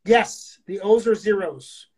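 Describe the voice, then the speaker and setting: A woman co-hosting a casual podcast, talking bluntly with lots of profanity and reading poems aloud slowly. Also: medium pitch, a crowd in the background, poor audio. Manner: crude, blunt, profane talk. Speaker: podcast co-host. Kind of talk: casual chat.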